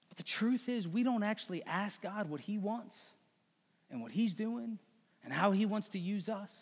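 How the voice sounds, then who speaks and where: Pastor, male, high voice, earnest and emphatic sermon delivery with long hall reverb. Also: expressive, moderate pace, husky. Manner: earnest, emphatic preaching with repeated phrases.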